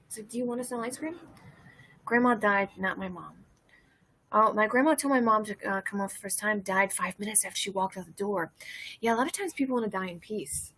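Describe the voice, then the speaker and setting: A woman from Louisiana hosting a casual comedic monologue, rambling and cursing and laughing her way through dark topics. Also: mid-range voice, husky, low-quality recording. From Louisiana, USA. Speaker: host.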